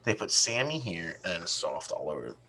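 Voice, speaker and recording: A man's voice: sits low, big pitch swings, normal speed, pushed and bright, husky. A man in his thirties co-hosting a podcast, telling family stories in a casual chat and laughing through them. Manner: laughing storyteller, acts out family quotes. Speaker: podcast co-host.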